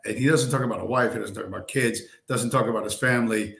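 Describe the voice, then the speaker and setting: A man's voice: on the low side, steady tone, fast talker, vocal fry, a bit bright. A man hosting a casual live stream, telling a long story in a rambling, profane way, full of fillers and asides. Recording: roomy echo.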